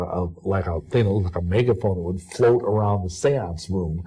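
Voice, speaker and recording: A man answering interview questions in a rambling, halting way with many restarts. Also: low-pitched, mellow, husky, rough recording. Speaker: interview guest.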